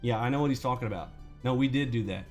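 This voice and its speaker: A man's voice: mid-range voice, quick pace, darkish tone, faint music behind. A man hosting a trading channel, ranting to his viewers in an indignant, sarcastic and profane way. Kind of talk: angry rant to viewers.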